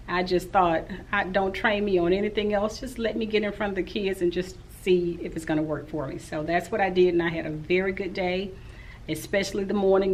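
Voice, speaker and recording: A woman's voice: on the low side, a little hiss or hum, poor audio. A woman in her forties, a teacher, recapping her day in a casual, rambling vlog. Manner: rambling and talkative.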